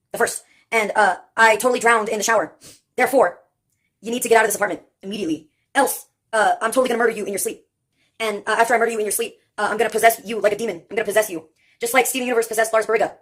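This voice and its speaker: A woman's voice: on the high side, fairly bright tone. A woman doing a rambling, improvised comedy monologue, free-associating absurd jokes and laughing at herself.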